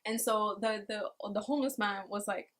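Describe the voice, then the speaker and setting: A woman's voice: mid-range voice, moderate pace. A woman casually recapping an anime episode, swearing freely and acting out the lines as she tells it. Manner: profane, animated storytelling with acted quotes. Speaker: anime reviewer.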